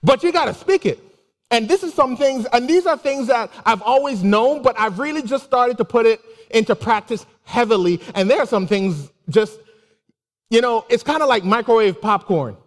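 A man giving a casual, animated sermon with personal stories, laughing and exclaiming often. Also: very high-pitched, moderate pace. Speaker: preacher. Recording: long hall reverb.

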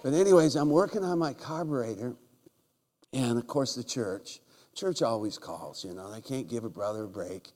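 A man preaching a humorous sermon in a church, telling jokey stories and breaking into loud shouts. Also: mid-range voice, lively intonation, normal speed. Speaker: guest preacher. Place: church sanctuary. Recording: large hall with long reverb.

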